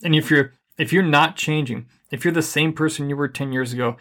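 A middle-aged man co-hosting a podcast, giving relationship advice in a calm, even, deliberately unhurried way. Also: fairly high pitch. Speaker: podcast co-host. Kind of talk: casual advice chat.

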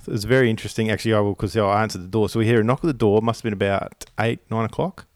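Rambling man, a bit low. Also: steady tone, racing, dry recording, clean studio sound. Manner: rambling, lots of ums and restarts. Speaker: podcast co-host. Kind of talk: casual chat.

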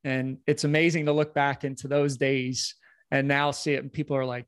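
A man's voice: medium pitch, level tone, normal speed, no room sound, clean studio sound. A man answering interview questions as a coach, earnest, often restarting with repeated words. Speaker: podcast guest, morning-routine coach.

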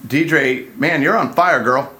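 A man's voice: mid-range voice, takes it slowly, bright, forceful tone. A man hosting a casual podcast for couples with an easygoing, playful manner. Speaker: podcast host, couples counselor.

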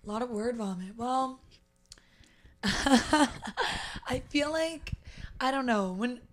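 A woman with a raspy voice and a somewhat high pitch, talking as a guest in a relaxed interview. She rambles loosely with plenty of fillers and laughs easily, and she was recorded indoors in a meditation space. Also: slow pace. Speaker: guest, fitness instructor. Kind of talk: casual interview chat.

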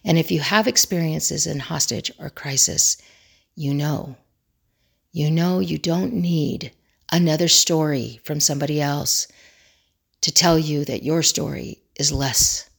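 A woman with a slightly low voice teaches crisis communication skills. She speaks earnestly in a motivational way and returns to her key phrases again and again for emphasis. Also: measured pace, gravelly, husky.

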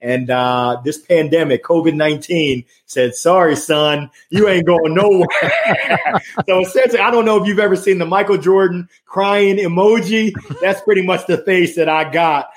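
A man with a somewhat high voice talks with passion and energy as a guest. He jokes and laughs easily. He is heard over a remote video call. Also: normal speed, hardly any pauses. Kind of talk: casual conversation.

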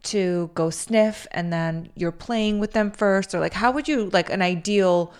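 A woman's voice: mid-range voice, unhurried, clean tone. A woman co-hosting a casual podcast, asking questions in a hesitant, curious way. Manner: inquisitive, hesitant phrasing. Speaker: co-host.

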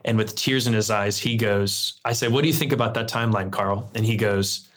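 A man, a pastor telling his story in a relaxed, earnest interview. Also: lowish voice, fairly quick, hardly any pauses. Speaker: lead pastor, guest. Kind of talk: conversational interview.

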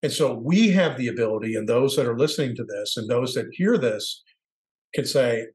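A man's voice: medium pitch, expressive, normal speed, a little mellow, rough recording. A middle-aged man sharing candid personal reflections as a podcast co-host, thinking aloud and searching for words. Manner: candid, searching, acts out quoted voices.

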